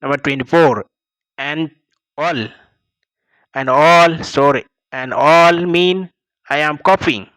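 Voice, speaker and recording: Slow, careful South Sudanese man teaching. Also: a little high, fairly bright tone, clear, resonant tone, no room sound, poor audio. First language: Dinka. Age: young adult. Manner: repeats each word several times, translating plainly. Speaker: language teacher. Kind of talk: slow vocabulary lesson with repetition.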